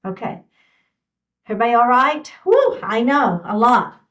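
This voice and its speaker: A woman's voice: fairly high pitch, big pitch swings, moderate pace, a bit bright, rough recording. A woman teaching a chair yoga class, giving encouraging step-by-step cues for each move. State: a little out of breath. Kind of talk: guided fitness class instruction.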